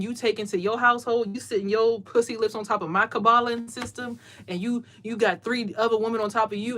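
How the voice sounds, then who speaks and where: A woman hosting a casual livestream from a small closet, talking emphatically in a preachy way and often repeating her words. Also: medium pitch. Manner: emphatic, preachy, repeats words, mimics others in loud bursts. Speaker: livestream host doing card readings.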